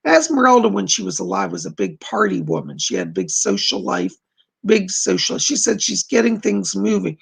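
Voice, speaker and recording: A man doing live psychic readings on a stream, reading viewer questions aloud and gently relaying reassuring messages. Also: high voice, big pitch swings, normal speed, vocal fry, husky. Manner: gentle, reassuring, calls people darling.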